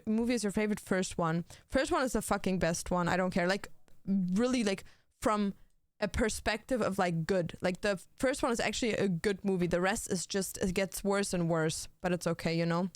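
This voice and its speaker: A woman's voice: medium pitch, no room sound, studio quality. Blunt, swearing young woman streamer. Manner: blunt, swears freely, lots of fillers. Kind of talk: casual chat while gaming.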